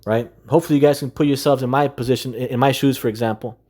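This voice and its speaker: A man's voice: medium pitch, steady tone, quick pace, a little mellow. Aggrieved man ranting with profanity. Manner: profane, repetitive rhetorical questions; aggrieved, exasperated. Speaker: gaming video creator. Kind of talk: ranting monologue to camera.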